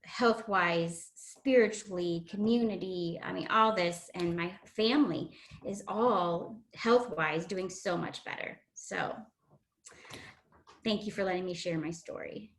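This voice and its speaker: A woman guest shares a personal testimony in an earnest, emotional way, often pausing with fillers. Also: fairly low pitch, a little hiss or hum.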